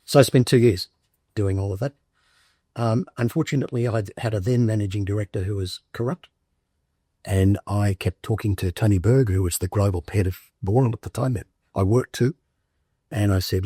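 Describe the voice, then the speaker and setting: A man's voice: lowish voice, moderate pace, dark tone, breathy edge, dry recording, clean studio sound. An older Australian man in a documentary interview, recounting his career in a matter-of-fact, step-by-step way. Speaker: veteran interviewee.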